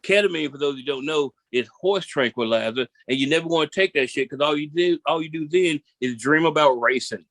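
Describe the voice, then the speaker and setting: A man from Memphis does a stand-up set, telling his story in an animated way and hammering his punchlines by repeating them. His voice sits a little high for a man. The sound is close and dry, with no room around it. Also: a little fast, few pauses, no room sound. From Memphis, Tennessee. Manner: seated while performing. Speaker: stand-up comedian.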